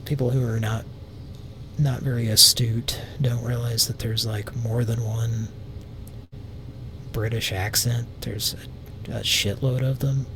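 Rambling Southern man with flat delivery. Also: unhurried. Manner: rambling, swears freely, many fillers. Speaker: prank call show host. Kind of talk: casual live chat. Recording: noisy background rumble.

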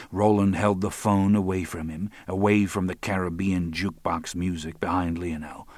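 A man narrating a crime audiobook in an even, measured way. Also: deep voice, no echo.

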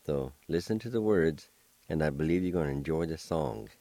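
A man's voice: rumbling low, moderate pace, creaky, mellow, no room sound. A man teaching a language lesson on the radio, carefully spelling out words letter by letter and repeating them.

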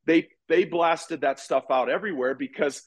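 A man in his forties, a former ballplayer, telling stories in a relaxed, rambling way during an interview. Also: a little high, normal speed. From United States. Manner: relaxed, rambling, many restarts. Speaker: podcast guest, former pitcher and golfer. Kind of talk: casual interview storytelling.

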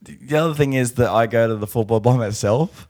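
A man's voice: medium pitch, fairly quick, darkish tone. A man co-hosting a podcast, joking around, laughing often and tripping over his words, with a strained voice. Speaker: podcast co-host. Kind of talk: casual chat.

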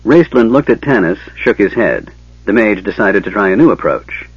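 A man narrating an audiobook in an expressive storytelling manner. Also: sits low, normal speed, slightly rough, no room sound. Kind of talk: scripted narration. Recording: dull lo-fi tape, dry.

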